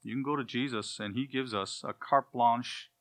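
A man preaching an expository sermon, explaining scripture verse by verse with sharp emphatic rises on key words. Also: medium pitch, normal speed.

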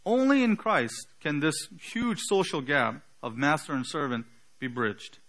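A man preaching an earnest sermon, teaching with emphatic pauses and the odd filler. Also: on the high side, fairly bright tone. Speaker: pastor.

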